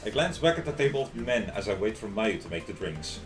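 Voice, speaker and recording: A man's voice: on the low side, very animated, quick pace, roomy sound, over music. Guy reading a visual novel on stream, dry and wry, voice jumps around a lot.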